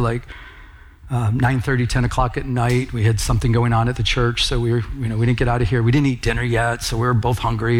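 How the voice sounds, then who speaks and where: A man preaching as a pastor in a church, telling personal stories in a casual, conversational way. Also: medium pitch. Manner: casual, conversational storytelling with laughs.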